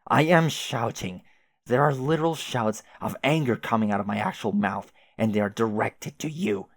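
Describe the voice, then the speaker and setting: A man's voice: fairly low pitch, moderate pace, creaky, dry recording. A man voicing a fed-up young woman who is biting and exasperated, swearing at her friend. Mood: angry. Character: fed-up young woman, furious and sharp-tongued.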